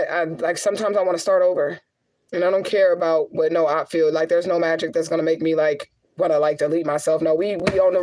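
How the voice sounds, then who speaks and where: A middle-aged woman who works as a spiritual medium speaks straight to her viewers in a raw, rambling, profane vlog monologue that turns emotional. Her voice is on the low side with a darkish tone, and the recording is rough.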